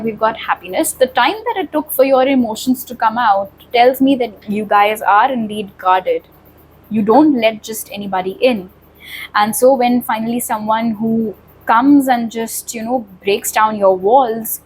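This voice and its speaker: A woman's voice: on the high side, a little hiss or hum, rough recording. Reassuring woman giving a tarot reading. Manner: reassuring, addresses viewers directly. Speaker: tarot reader. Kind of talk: pick-a-card tarot reading.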